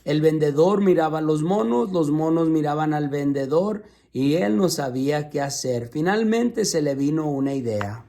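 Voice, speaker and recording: Male storyteller, slightly high voice, teacherly read-aloud with questions to kids. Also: animated, moderate pace, gravelly, few pauses, dark tone. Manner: asks listeners questions, patient and teacherly.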